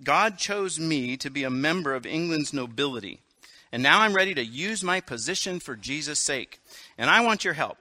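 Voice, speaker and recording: A man's voice: on the high side, expressive, moderate pace, sharp tone, no room sound. A man voicing a fervent English noblewoman. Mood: determined. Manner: fervent, rising and emphatic. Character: blunt passionate aristocratic English noblewoman, widowed.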